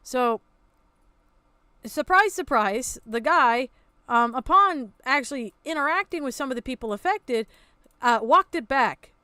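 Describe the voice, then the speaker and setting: A woman's voice: sits high, expressive, measured pace, bright, forceful tone, clean tone, no room sound. A woman hosting a reaction commentary, ranting in a sarcastic, exasperated way and swearing freely. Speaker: commentary channel host.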